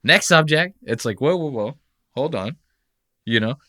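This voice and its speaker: A man hosts a podcast in a loose, profane rant, mocking what he has just watched. His voice is bright and swings widely in pitch. The sound is dry and close. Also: animated, a little slow, no room sound. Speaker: podcast host. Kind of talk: casual comedic podcast rant.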